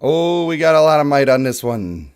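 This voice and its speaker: A man's voice: on the high side, normal speed, clean tone. A young man hosting a live mobile game stream, joking and hyping up his pulls for chat. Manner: playful, excitable, joking with chat.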